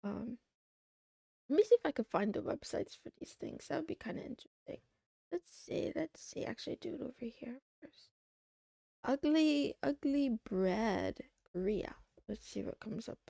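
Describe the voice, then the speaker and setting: Casual young woman streamer with vocal fry. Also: fairly high pitch, lively intonation, normal speed, warm tone, no room sound, studio quality. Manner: rambling, curious, thinks aloud, trails off. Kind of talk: casual livestream chat.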